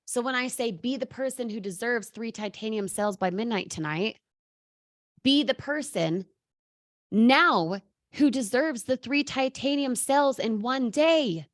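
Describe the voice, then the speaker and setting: A woman's voice: fairly high pitch, a little slow, no room sound, clean studio sound. A woman giving a bold, sassy motivational talk as a sales coach, calling out viewers by name.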